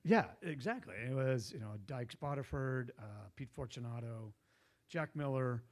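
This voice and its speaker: A man's voice: mid-range voice, lively intonation, moderate pace. A man telling a long, digressive story at a meetup, laughing often and losing his thread. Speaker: guest investor. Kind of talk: casual storytelling. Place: meetup room.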